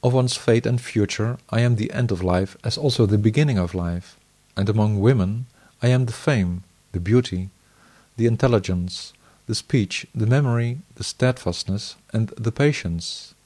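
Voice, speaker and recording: A man reading scripture aloud in the first person, measured, in short phrases. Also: on the low side, warm tone.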